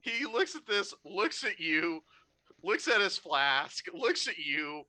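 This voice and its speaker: A game master narrating a tabletop game in an animated, laughing, loose way. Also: medium pitch, takes it slowly.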